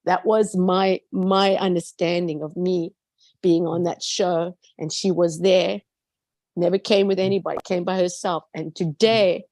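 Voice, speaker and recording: A woman's voice: lowish voice, fairly even intonation, measured pace, darkish tone, no echo. Woman guest, earnest and emphatic testimony, leans on repeated words, dry close recording. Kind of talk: heartfelt personal testimony in a conversation.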